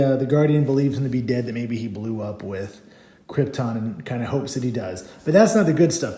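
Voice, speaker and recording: Middle-aged male comic fan, mellow tone, rambling and upbeat, recorded in a roomy space. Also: medium pitch. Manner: rambling, enthusiastic, many fillers. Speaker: comic book reviewer. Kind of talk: casual comic book read-through. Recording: echoey room.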